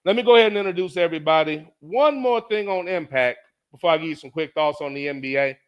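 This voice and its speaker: A man hosting his own show, telling a story in a casual, animated way, swearing often and repeating lines for emphasis. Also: fairly high pitch, fast talker, clear, resonant tone, highs cut off. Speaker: podcast host.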